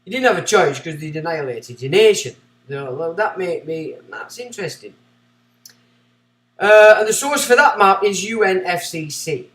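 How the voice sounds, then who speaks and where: A man's voice: high-pitched, lively intonation, moderate pace, fairly bright tone. Scornful man, roomy distant sound. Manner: scornful, sarcastic asides between read passages. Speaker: livestream host. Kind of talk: ranting commentary while reading aloud.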